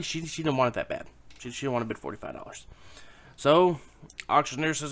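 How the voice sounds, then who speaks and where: A man telling a long, rambling dirty joke straight to camera in a loose, casual way. He swears freely and pauses to hush his little daughter, whom he holds on his lap at home. His voice sits at a plain, middling pitch. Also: animated. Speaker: YouTube joke teller.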